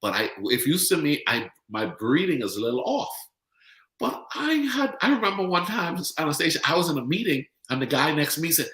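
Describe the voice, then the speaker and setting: A middle-aged man from the Bahamas with a Bahamian accent, hosting a casual podcast chat as an animated storyteller who repeats words for emphasis. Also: on the high side, brisk, reverberant, low-quality recording. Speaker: podcast host.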